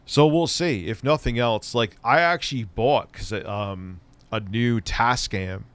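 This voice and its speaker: Blunt, swearing streamer man, low voice. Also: takes it slowly, fairly bright tone, clean tone. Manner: blunt, sarcastic, swears freely. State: stoned, voice lower than usual. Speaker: streamer and tech commentator. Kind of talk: casual profane live-stream chat.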